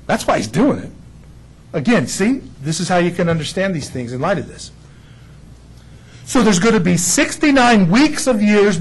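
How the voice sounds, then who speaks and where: A man preaching a Bible sermon in an animated, jokey way, acting out the figures he quotes. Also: sits high, breathy edge, low-quality recording.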